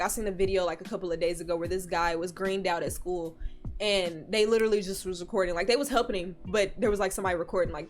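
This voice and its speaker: A young adult woman vlogger telling a storytime, animated and casual, swearing and jumping into high squeals as she retells scenes. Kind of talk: storytime vlog.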